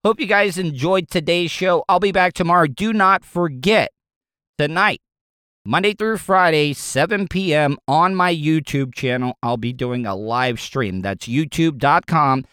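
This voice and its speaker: A man hosting a podcast in a casual, rambling, excitable way, with frequent swearing. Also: fairly high pitch, a little slow, smooth, dry recording, clean studio sound. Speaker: podcast host.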